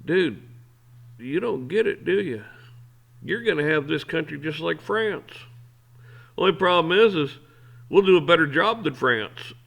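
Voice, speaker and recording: A man's voice: on the high side, lively intonation, a little slow, vocal fry, long pauses, fairly bright tone. A man hosting an opinion show, ranting in a blunt, heated, profane way. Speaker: host. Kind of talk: opinion rant.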